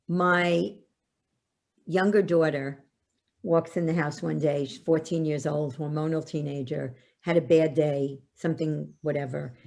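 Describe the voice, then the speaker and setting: An older woman, a podcast guest, telling family stories with lively acted-out quotes. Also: sits low, vocal fry. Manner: animated storyteller, acts out quotes. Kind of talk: storytelling in a podcast interview.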